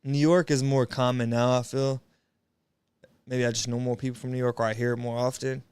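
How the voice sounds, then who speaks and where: A young man talks to his livestream viewers in a loose, rambling way, full of slang and swearing. His voice sounds smooth and clear. It comes through a close mic in a dry room with no echo. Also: medium pitch, level tone, fairly quick, a little mellow. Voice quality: laid-back, rambling, slangy with frequent swearing. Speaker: streamer. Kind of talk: casual livestream chat.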